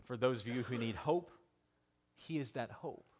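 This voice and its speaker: A man in his thirties preaching a sermon. He swings from loud, excited appeals to hushed, emotional storytelling, with halting restarts along the way. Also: mid-range voice. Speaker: pastor.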